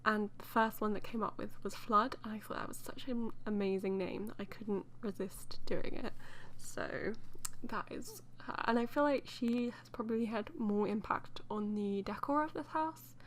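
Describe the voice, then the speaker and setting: A woman's voice: medium pitch, moderate pace, slight background noise. A woman chatting loosely as she voices over a game build, rambling with many fillers and light laughs. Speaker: let's play host.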